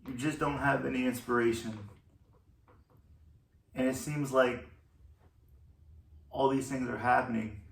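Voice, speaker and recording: Slow, reflective man in an echoey room. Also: medium pitch, steady tone, gravelly, recorded from a distance. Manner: slow, thoughtful, with pauses and fillers. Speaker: musician talking about his album. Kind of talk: reflective solo talk.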